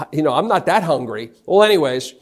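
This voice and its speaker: A man's voice: fairly high pitch, moderate pace. A middle-aged man from North Carolina, a motivational speaker telling a story on stage and acting out the dialogue. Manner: animated, acts out the dialogue of his anecdotes. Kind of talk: storytelling keynote talk.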